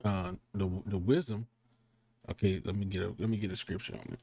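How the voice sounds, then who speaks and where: A low-voiced man delivers a rambling, street-slang sermon full of profanity and asides. He breaks off to read scripture in a slow, deliberate cadence before sliding back into loose, conversational preaching. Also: steady tone, warm tone, a little hiss or hum. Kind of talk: casual sermon with scripture reading.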